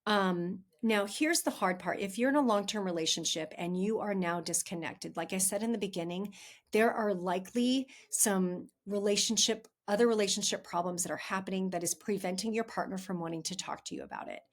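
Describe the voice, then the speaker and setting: A woman's voice: medium pitch, expressive, a little fast. A woman hosting a podcast, giving relationship advice in a chatty, candid way and talking straight to her listeners. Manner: chatty and candid, addresses listeners as "you guys". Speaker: podcast host, relationship coach. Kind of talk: casual advice monologue.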